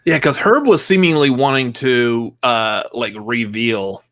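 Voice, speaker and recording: A man's voice: medium pitch, measured pace, a bit bright, dry recording, clean studio sound. A man co-hosting a casual review chat, theorizing with many restarts. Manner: rambling theorizing with restarts and laughs. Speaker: co-host.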